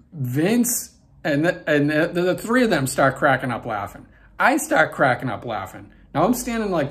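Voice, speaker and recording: A man in his forties hosting his own vlog, telling a backstage story in a rambling way with many fillers and restarts. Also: fairly high pitch. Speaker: vlog host. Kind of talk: casual storytelling.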